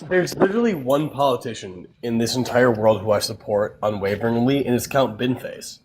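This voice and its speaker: A man's voice: mid-range voice, brisk, noisy background. A man from the United States, chatting casually as a guest on a stream, wry and full of fillers. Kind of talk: casual chat.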